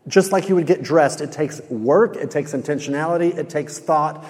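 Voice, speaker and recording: A man preaching to a room, retelling a sitcom scene with animated quoted lines. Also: fairly high pitch, moderate pace. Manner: storytelling, animated when quoting. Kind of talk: sermon with retold sitcom scene. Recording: hall reverb.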